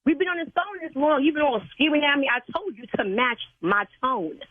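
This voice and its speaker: A woman's voice: high-pitched, brisk, no room sound. An older woman who serves as a church sign language interpreter, talking on a phone call in a stern, proper, scolding way. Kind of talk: phone call with a prank caller. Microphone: telephone. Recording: tinny phone line.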